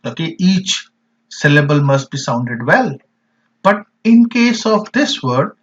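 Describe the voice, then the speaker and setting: A man gives a poetry lesson for an online class, explaining each term slowly and with emphasis. His voice sits a little high for a man. The recording sounds dull and lo-fi. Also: animated, fairly bright tone. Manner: slow, emphatic explanations with repeated examples. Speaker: teacher.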